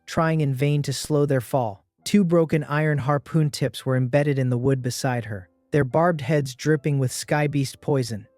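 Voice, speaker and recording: A man narrating a first-person adventure recap in a steady, even storytelling manner. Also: medium pitch, no room sound.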